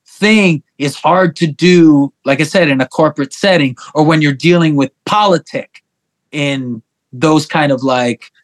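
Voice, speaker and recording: A middle-aged man telling stories as a guest on an interview show, animated and profane. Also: a little high, unhurried. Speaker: guest musician. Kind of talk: casual interview chat.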